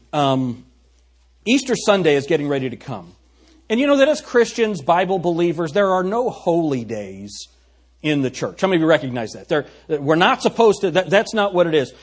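A man's voice: fairly high pitch, husky. A man preaching a sermon as pastor, talking conversationally and asking the congregation questions. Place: church sanctuary.

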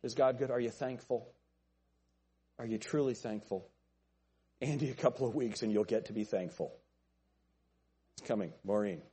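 A man's voice: fairly low pitch, normal speed, long pauses, dark tone, husky. A middle-aged man preaching a folksy sermon as a pastor, joking with his congregation in a church. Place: church sanctuary.

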